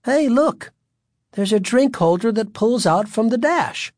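A man voicing an excitable mother who scolds and worries over her family. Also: high-pitched, moderate pace, no room sound, clean studio sound, voice pushed up. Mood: fussing. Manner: bright then scolding.

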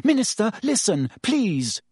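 A man's voice: high-pitched, very animated, a little slow, darkish tone, husky, dry recording, clean studio sound, voice pushed up, heavily acted. A man doing an earnest teenage Hermione. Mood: imploring. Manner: earnest, pleading. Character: earnest, imploring teenage girl.

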